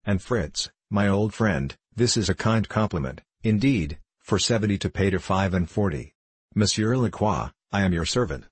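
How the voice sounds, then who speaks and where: A man's voice: fairly low pitch, animated, moderate pace, breathy edge, no echo. A man voicing a cheerful, courteous middle-aged judge in a storybook reading. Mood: cordial.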